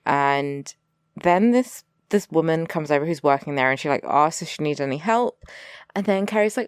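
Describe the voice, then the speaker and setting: A woman's voice: low voice, animated, moderate pace, smooth, dry recording, studio quality. A woman co-hosting a podcast, wryly recapping a TV episode in casual chat and quoting characters with exaggerated voices. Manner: chatty, wry, quotes characters with exaggerated voices. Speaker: podcast co-host.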